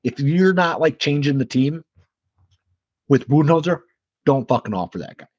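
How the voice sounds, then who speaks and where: A man's voice: on the high side, expressive, moderate pace, darkish tone, breathy edge, dry recording. A man co-hosting a sports podcast in casual chat, blunt and opinionated, swearing freely. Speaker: podcast co-host. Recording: slightly muffled lo-fi recording.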